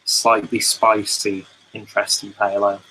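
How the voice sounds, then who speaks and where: A man co-hosting a casual podcast chat, reading a can label aloud in an even, deliberate way. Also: fairly low pitch, slight background noise, low-quality recording. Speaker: podcast co-host.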